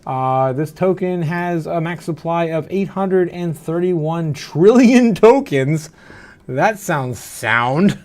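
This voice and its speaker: This crypto livestream host speaks slowly in a fairly high, darkish-toned, animated voice. Reading viewer comments, he chats loosely, laughs frequently, fills gaps with "uh," and sounds a little tipsy and slightly slurred.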